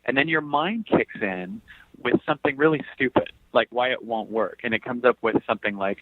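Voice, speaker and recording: A man's voice: mid-range voice, brisk, no echo. Man talking motivation over a tinny line. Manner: animated, jokey, acts out inner voices. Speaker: guest speaker. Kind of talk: motivational talk.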